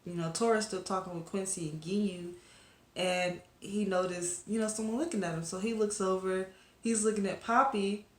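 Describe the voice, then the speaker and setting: A woman's voice: mid-range voice, steady tone, moderate pace, echoey room. A woman reviewing a webcomic episode to camera in a casual, rambling chat full of fillers and asides to her viewers.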